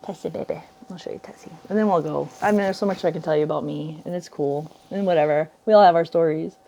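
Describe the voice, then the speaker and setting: A woman's voice: low-pitched, fast talker, creaky, dark tone. A woman in her forties vlogging at home, rambling through spiritual musings, often laughing and trailing off mid-thought. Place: indoors at home by a window.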